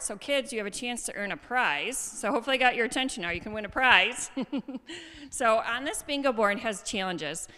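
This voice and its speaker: A woman's voice: fairly high pitch, pushed and bright, clear, resonant tone. A woman giving friendly, informal announcements in a church, chatty and upbeat. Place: church sanctuary. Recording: hall reverb.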